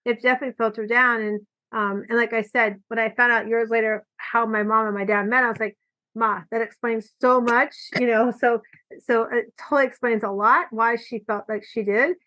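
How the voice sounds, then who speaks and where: A woman hosting a podcast, chatting casually and telling animated stories, acting out quoted lines, recorded with muffled lo-fi audio. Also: on the high side, brisk. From California. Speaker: podcast host. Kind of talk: casual conversation. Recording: dull lo-fi audio.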